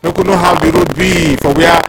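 A man's voice: fairly high pitch, fairly even intonation, fairly quick, vocal fry. A man with a Nigerian accent presenting casual radio in a playful, slangy, hyping manner. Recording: loud background noise.

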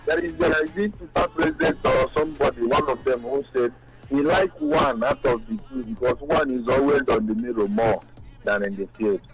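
Opinionated Nigerian radio caller. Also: male voice, medium pitch, sing-song, normal speed, faint music behind, poor audio. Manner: opinionated, rambling. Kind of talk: casual phone-in opinion.

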